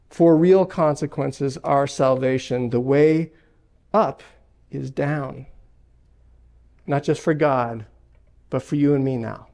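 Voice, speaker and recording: A man's voice: mid-range voice, slow pace, long pauses, darkish tone. A man preaching a sermon as pastor, emphatic, with repeated phrases and personal stories. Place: church sanctuary.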